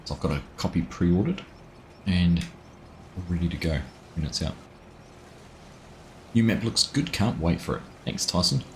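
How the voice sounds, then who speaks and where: A man hosting a live game stream, chatting with viewers in a relaxed way while he plays. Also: low voice, measured pace, long pauses, a little hiss or hum. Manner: chatty, greets viewers by name, relaxed asides. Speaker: gaming livestream host. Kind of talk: casual chat while playing live.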